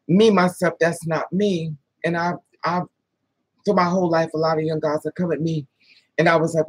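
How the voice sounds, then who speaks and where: A woman's voice: low voice, fairly even intonation, brisk, a little mellow, breathy edge, no echo, low-quality recording. A woman guest talking to the host, telling a frank, rambling personal story in a casual, street-smart way.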